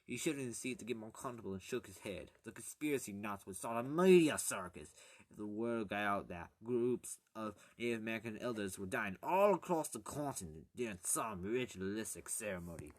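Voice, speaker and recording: A man's voice: on the low side, expressive, dry recording, studio quality. Rambling, joking man reading an audiobook aloud. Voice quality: jokey, crude asides and halting self-corrections. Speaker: amateur audiobook reader.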